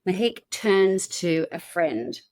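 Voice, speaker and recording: A woman's voice: fairly low pitch, animated, slow pace, a little mellow, no room sound, studio quality. A woman hosting a podcast, telling a true crime story in a chatty, casual way and laughing at her own slips.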